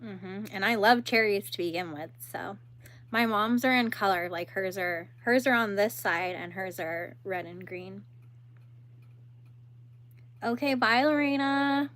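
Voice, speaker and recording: A woman's voice: medium pitch, unhurried, fairly bright tone. A young woman hosting a crochet livestream, chatting casually and laughing while she answers viewers and works.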